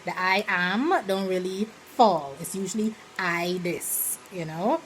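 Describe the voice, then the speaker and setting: A woman's voice: lowish voice, takes it slowly, hardly any pauses, slight background noise, rough recording. Chatty Bahamian woman explaining sayings. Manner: chatty, rambling, full of "you know" fillers; slips into lively quoted examples. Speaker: vlogger. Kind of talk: casual explainer vlog.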